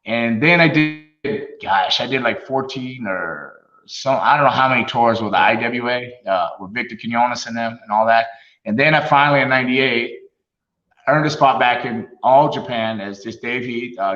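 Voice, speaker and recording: A middle-aged man spins animated stories, laughing often and acting out what others said. His voice is bright and forceful. The sound is roomy and a little dull, like a lo-fi recording. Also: medium pitch. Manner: animated storyteller, laughs often, acts out quotes. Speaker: guest, retired wrestler. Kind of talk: casual storytelling interview.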